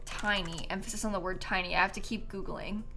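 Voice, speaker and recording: A woman's voice: mid-range voice, fairly even intonation, quick pace, creaky. A woman chatting casually on a live stream as she builds in a life-sim game, giggling often and answering her chat.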